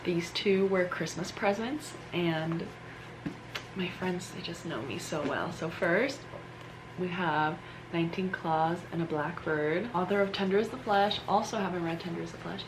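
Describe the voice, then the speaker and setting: A woman's voice: fairly low pitch, steady tone, measured pace. A young woman vlogging casually at home, chatty and self-deprecating, trailing off mid-sentence. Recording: noisy home recording.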